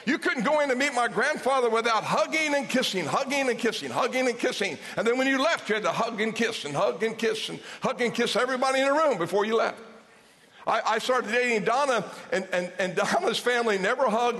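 Older man, pastor, high voice; lively storytelling sermon, echoing church hall. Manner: animated, humorous storytelling with repeated phrases. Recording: long hall reverb.

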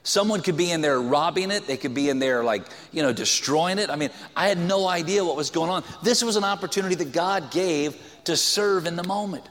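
Joking pastor preaching in a reverberant hall. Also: male voice, fairly high pitch, brisk, hardly any pauses, fairly bright tone. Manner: conversational, joking, many "like" fillers. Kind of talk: sermon. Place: church sanctuary.

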